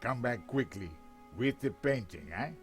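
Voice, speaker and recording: A man's voice: mid-range voice, expressive, a little slow, soft background music, lightly acted. An actor voicing a grumbling adult man stuck in bed in a video game.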